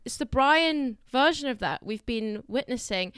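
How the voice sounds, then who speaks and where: A woman's voice: on the high side, animated, unhurried, a bit bright, clean tone, dry recording, studio quality. A woman co-hosting a casual chat, giggly and teasing as she talks. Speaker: podcast co-host.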